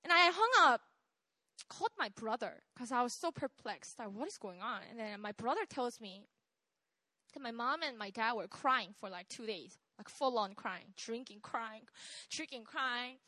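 A young woman, telling a personal testimony in an animated way, laughing often and checking in with "right?". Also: on the high side, normal speed, dry recording. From South Korea. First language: Korean. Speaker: speaker sharing a testimony.

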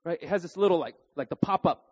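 A man in his thirties preaching a sermon, telling stories with animation and often turning to the congregation with a quick "right?". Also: a little high, breathy edge, muffled recording. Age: 30s. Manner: animated storytelling, keeps asking "right?". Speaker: pastor.

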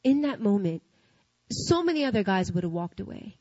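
A woman's voice: mid-range voice, big pitch swings, normal speed, warm tone, no room sound. A woman giving an earnest, confessional faith testimony, often adding "you know what I mean.". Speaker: speaker sharing a personal testimony. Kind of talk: emotional faith testimony to an audience. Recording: dull lo-fi sound.

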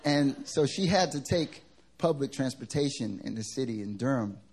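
A male pastor from the American South, preaching a sermon through funny personal stories, animated and joking. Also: mid-range voice, moderate pace, breathy edge. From Southern United States. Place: church service.

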